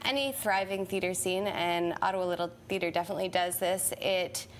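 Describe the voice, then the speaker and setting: A woman's voice: lowish voice, fairly even intonation, brisk, slight background noise. A woman who acts in a community play, chatting casually in a TV interview with many fillers and restarts.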